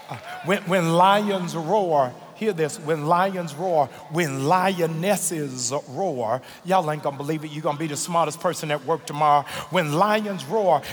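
A male pastor preaching a sermon, moving from measured teaching with frequent "uh" fillers to shouted, climactic preaching. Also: high voice. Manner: frequent "uh" fillers and "here it is" asides. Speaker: senior pastor. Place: large church sanctuary. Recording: church hall reverb with music behind.

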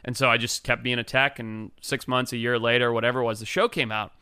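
A man from Africa tells his stories as an interview guest, loose and animated, sprinkling "like" everywhere and jumping into other people's voices. His voice is bright and smooth, with clear, crisp diction. It is recorded dry on a close mic. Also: mid-range voice, fast, dry recording. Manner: animated, loose and chatty with many "like"s, acts out other people's lines. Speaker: interview guest, wildlife biologist. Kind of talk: casual storytelling.

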